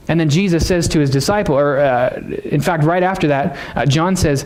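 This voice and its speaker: A man's voice: a little high, fairly quick, few pauses. A man preaching a sermon in a church, teaching in a conversational way and asking the congregation questions. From United States. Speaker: pastor. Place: church sanctuary.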